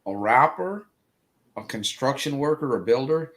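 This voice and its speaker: A man's voice: mid-range voice, expressive, measured pace, fairly bright tone. A man hosting a live interview show, speaking in a motivational way with lots of fillers. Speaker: host.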